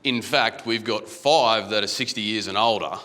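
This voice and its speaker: A man's voice: fairly low pitch, normal speed, sharp tone. A man with an Australian accent giving a casual, anecdotal conference talk from a stage, often restarting his phrases. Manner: conversational, anecdotal, repeats words when restarting. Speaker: conference guest speaker. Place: large conference hall. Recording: echoey conference hall.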